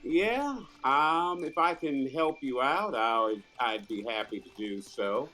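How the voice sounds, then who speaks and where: A man voicing a polite male rabbit-folk adventurer, courteous and hesitant with many pauses. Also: medium pitch, animated, pushed and bright, soft background music.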